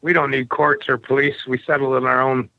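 A man from Canada, a podcast guest, telling stories bluntly with a rough edge. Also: medium pitch, flat delivery, a little fast, dry recording, narrow, tinny audio. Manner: blunt, rough-edged storyteller. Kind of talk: casual storytelling interview.

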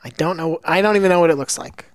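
A man's voice: on the high side, quick pace, no echo. Man, co-host, hesitant, self-deprecating, casual chat, video call, dry close sound. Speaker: podcast co-host.

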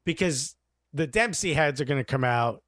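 A man's voice: fairly high pitch, expressive, normal speed, fairly bright tone, no room sound, studio quality. A man co-hosting a casual soccer show, joking around and laughing often. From United States. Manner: jokey, laughs often, loose banter. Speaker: podcast co-host. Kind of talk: casual sports chat.

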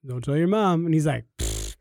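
Casting: high-pitched male podcast co-host, excitable storyteller who acts out the people in his stories, dry close sound. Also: moderate pace, no room sound. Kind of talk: animated storytelling chat.

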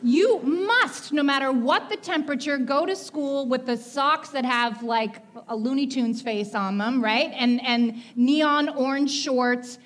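A woman co-hosting a comedy podcast live on stage, quick and playful, telling stories. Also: high voice. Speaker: podcast co-host. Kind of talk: comedic live show banter. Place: theater stage before a live audience.

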